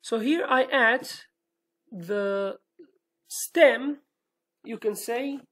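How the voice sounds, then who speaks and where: A woman's voice: a little high, extremely slow. A woman with a Kurdish accent and Kurdish as her first language, teaching a language lesson patiently step by step and often checking with "okay?". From Iraqi Kurdistan, Sulaymaniyah.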